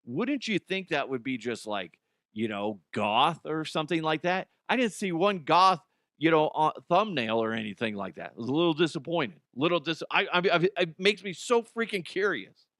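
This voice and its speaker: A man rambles through a funny news story, swearing and chuckling at his own jokes. His voice sits a bit high and swings widely in pitch. The sound is dry and close. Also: expressive, normal speed, fairly bright tone, no echo. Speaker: host. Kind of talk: comedic news commentary.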